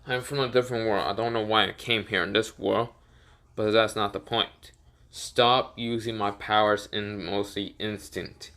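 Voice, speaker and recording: A man's voice: fairly low pitch, fairly even intonation, moderate pace, pushed and bright, pitched below the performer's own voice. A man voicing a stern older male ninja who bluntly scolds a younger hero, in a fan story.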